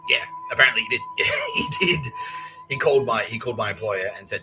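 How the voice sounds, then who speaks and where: A thirty-something Australian podcast host delivers a rambling monologue full of swearing, impersonating the other people in his story and often breaking into laughter. His lowish voice moves at a quick pace over background music, and the recording is rough.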